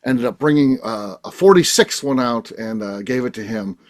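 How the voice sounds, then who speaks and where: A man's voice: medium pitch, expressive, moderate pace. A man hosting a casual chat show, telling a story in a rambling way with many fillers and restarts over a video call. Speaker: podcast host.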